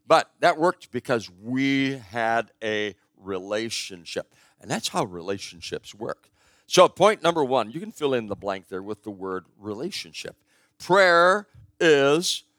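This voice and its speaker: A man's voice: mid-range voice, fairly bright tone, no echo. An older man preaching a sermon in a conversational, storytelling way, stressing his key points. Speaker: pastor.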